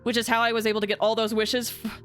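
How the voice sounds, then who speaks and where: A woman's voice: on the high side, flat delivery, fast, fairly bright tone, clear, resonant tone, soft background music. A young woman streaming a game, chatting with viewers in a bubbly, giggly way. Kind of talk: casual live-stream chat.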